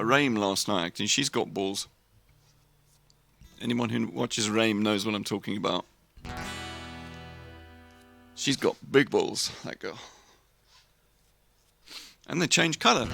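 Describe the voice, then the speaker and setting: A man's voice: mid-range voice, vocal fry. A man streamer chatting casually and rambling to his viewers, chuckling as he goes. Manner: rambling, chuckling, talks to chat. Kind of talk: casual live stream chat.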